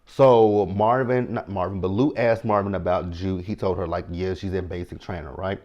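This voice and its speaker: Chatty low-voiced man. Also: normal speed, dull audio. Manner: chatty and animated, talks to viewers directly. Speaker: TV show recap host. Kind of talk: casual episode recap.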